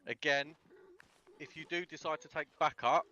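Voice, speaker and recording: A man's voice: a little high, fairly even intonation, normal speed, bright, forceful tone, dull audio, a little hiss or hum. A man leading a casual tactical briefing, blunt and sweary, acting out example dialogue. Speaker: instructor.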